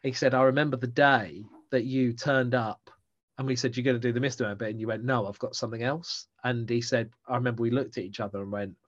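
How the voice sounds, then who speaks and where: A male stand-up comedian chats casually with fellow comedians on a podcast, spinning rambling, self-mocking stories. His medium-pitched voice stays steady in tone while he talks fast, and the recording has a dull, lo-fi sound.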